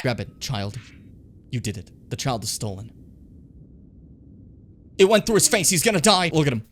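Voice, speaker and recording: A young man streaming a video game, joking and swearing, with sudden shouted outbursts. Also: mid-range voice, big pitch swings, normal speed, pauses often. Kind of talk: casual live-stream commentary.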